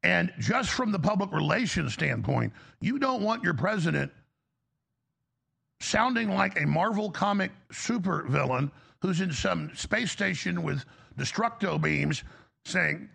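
A man's voice: high voice, expressive, unhurried, gravelly, fairly bright tone, slightly rough. A man hosting a talk show, giving a heated, emphatic political commentary monologue with frequent restarts.

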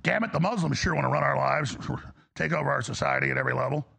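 A man's voice: a little high, fast, sharp tone. A male talk show host delivering an angry, exasperated political rant, blunt and profane. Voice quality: gravelly.

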